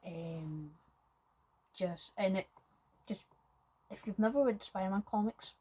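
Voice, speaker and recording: A woman's voice: mid-range voice, measured pace, warm tone, breathy edge, rough recording. A woman giving a casual, rambling film review, full of hesitations and restarts.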